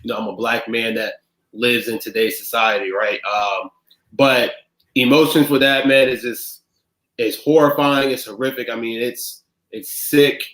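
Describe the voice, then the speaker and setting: A man talking as a podcast guest, halting and reflective, with frequent pauses. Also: medium pitch, steady tone, fairly bright tone, reverberant, low-quality recording. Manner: halting, many pauses and fillers. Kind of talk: emotional discussion.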